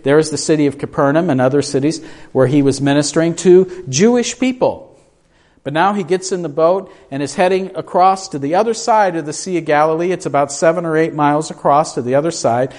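Man preaching a lively, questioning sermon. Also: on the high side, fairly quick. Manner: asks the congregation questions, acts out quoted voices; shifts between hushed and raised delivery. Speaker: pastor.

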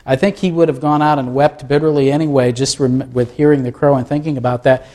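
A man's voice: mid-range voice, flat delivery, a little fast, mellow. A man preaching a sermon in a conversational way, asking his listeners rhetorical questions. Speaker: pastor.

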